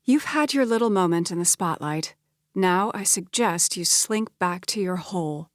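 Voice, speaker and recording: A woman's voice: fairly low pitch, normal speed, dry recording, clean studio sound, close to an everyday voice. A woman reading an audiobook, voicing an earnest, apologetic young woman. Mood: pleading. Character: spirited, apologetic young twin sister.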